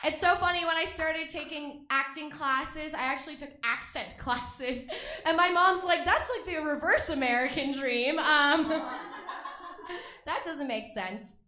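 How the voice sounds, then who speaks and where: A woman's voice: high voice, slow pace, sharp tone. A young woman performing a stand-up comedy set on a small theater stage into a handheld mic, telling self-deprecating stories with dry punchlines. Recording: roomy live theater sound.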